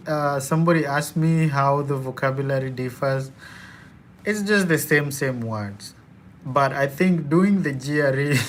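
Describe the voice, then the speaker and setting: A man's voice: mid-range voice, slight background noise. A young man from Kenya with a Kenyan accent, chatting casually and laughing often as he hosts a live Q&A. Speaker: student and live-stream host.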